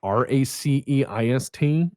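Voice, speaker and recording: A man's voice: mid-range voice, unhurried, a little mellow, no echo, studio quality. A young adult man, a podcast guest, telling rambling, profane stories in casual chat.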